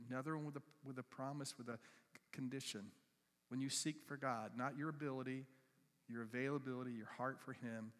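A male pastor preaching a sermon, swinging between loud emphatic bursts and hushed, soft passages. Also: medium pitch. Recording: reverberant church hall.

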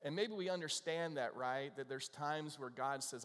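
A man's voice: mid-range voice, moderate pace, hardly any pauses, fairly bright tone, in a large hall. A man preaching a sermon as a pastor, casual and self-deprecating, telling a joke to his congregation.

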